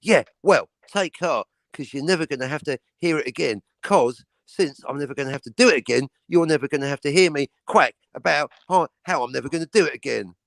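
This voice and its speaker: A man's voice: fairly high pitch, brisk, gravelly, few pauses, fairly bright tone, no echo. A man reading aloud as a young working-class English robber who stays in control. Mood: weary.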